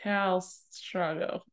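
A woman's voice: mid-range voice, animated, very slow. Woman co-host, playful and inquisitive listener. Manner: reactive, guesses and jokes, asks questions. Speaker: podcast co-host hearing the book. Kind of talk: casual chat.

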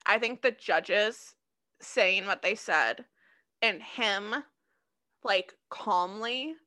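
A woman's voice: mid-range voice, drawn-out words, pushed and bright. A woman co-hosting a podcast in casual chat, debating in a playful, teasing way. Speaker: podcast co-host.

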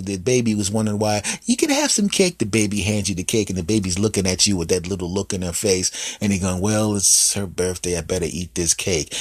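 A man hosting a podcast, telling a comic monologue in an animated, playful, teasing way. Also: deep voice, husky, no room sound. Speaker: podcast host. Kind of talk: comedic monologue.

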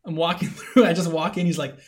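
Man in his own voice for a podcast co-host, animated, quick to laugh, pitched a bit high. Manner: animated, laughs often, swears casually. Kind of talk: casual chat.

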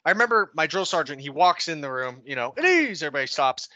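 A young man co-hosting a podcast, animated and profane as he tells army stories with laughs. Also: on the high side, fast, dry recording, highs cut off. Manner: animated storyteller, swears freely, laughs while talking. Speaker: podcast co-host. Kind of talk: casual chat, swapping army stories.

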